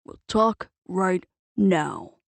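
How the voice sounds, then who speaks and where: A woman voicing a combative older man with a loud, bossy manner in an audiobook. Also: sits high, expressive, very slow, gravelly, no room sound, heavily acted. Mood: angry. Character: gruff older man, bushy-browed and combative.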